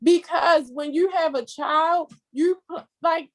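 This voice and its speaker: High-voiced woman telling her story. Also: slow pace, low-quality recording. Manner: emotional, expressive storytelling with quoted asides. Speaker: interview guest, mother. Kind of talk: casual conversational interview.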